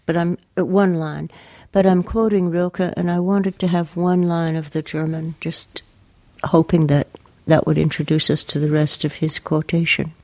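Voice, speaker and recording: Older woman poet, hesitant radio guest, low mellow voice, dry close sound. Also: no echo. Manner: hesitant, soft-spoken, many pauses and fillers. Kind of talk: radio interview, reading her poetry.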